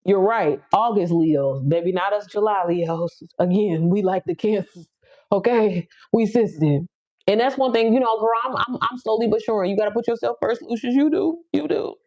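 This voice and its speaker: A woman, chatting casually and bluntly with viewers on her livestream, laughing often and jumping up high for emphasis. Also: normal speed, a little mellow. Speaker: livestream host. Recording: slightly dull lo-fi audio.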